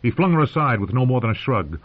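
A man narrating a fantasy audiobook in a dramatic, expressive reading. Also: medium pitch, fast talker. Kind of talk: scripted narration. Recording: dull lo-fi audio.

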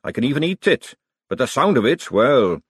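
A man's voice: medium pitch, big pitch swings, moderate pace, slightly rough, dry recording, studio quality, pitched above the performer's own voice. A man voicing a nervous, hapless male chef who talks apologetically and miserably.

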